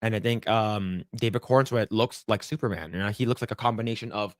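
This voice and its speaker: A man co-hosting a podcast in casual chat, animated and profane, with sudden leaps into a much higher voice when acting out reactions. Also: fairly quick, no room sound, studio quality. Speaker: podcast co-host.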